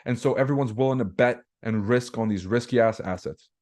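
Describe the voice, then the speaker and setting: A young trading webinar host runs a casual livestream on the markets, blunt and slangy, firing rhetorical questions at viewers and swearing freely. His mid-pitched voice is dark and mellow, and his easygoing, off-the-cuff delivery is fairly quick.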